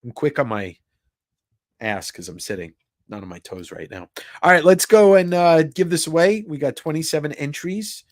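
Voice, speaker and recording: A man's voice: fairly high pitch, expressive, normal speed, dry recording, studio quality. Profane, jokey male livestream host. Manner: jokey, swears freely, reacts to chat comments, laughs often. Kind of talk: casual live-stream chat.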